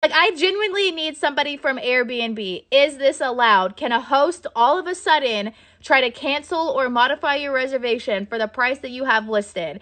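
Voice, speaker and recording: A woman venting in a social media clip, frustrated and ranting. Her voice is bright and sharp and sits a little high. She pushes each complaint hard. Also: lively intonation, moderate pace, few pauses.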